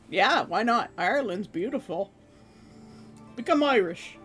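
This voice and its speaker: Streamer, mid-range pitch; loose, joking, offhand chat with the odd swear. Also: normal speed, fairly bright tone, faint music behind. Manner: rambling, joking, swears casually. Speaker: livestreamer. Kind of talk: casual chat with viewers.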